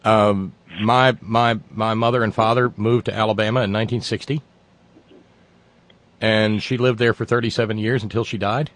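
A man's voice: on the low side, steady tone, normal speed, fairly bright tone. A man hosting a radio chat in a folksy, joking way, often restarting his sentences. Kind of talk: casual radio conversation.

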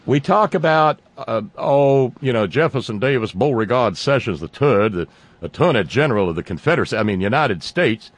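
A man hosting a political talk show, speaking in a halting, sarcastic way with many restarts. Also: mid-range voice, animated, no echo. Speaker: talk radio host.

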